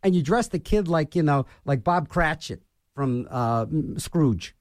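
A man's voice: fairly high pitch, animated, unhurried, no room sound, clean studio sound. A man hosting a radio show, rambling and ranting in a self-mocking way as he jumps from topic to topic. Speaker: radio DJ host. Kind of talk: rambling on-air monologue.

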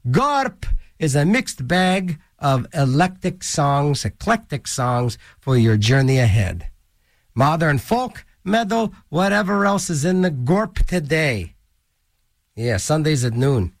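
Between songs in a small studio, a man hosting a college radio show rambles through goofy jokes and asides in casual DJ patter. His voice is on the high side, sing-song and slow with vocal fry, captured on a studio mic without echo.

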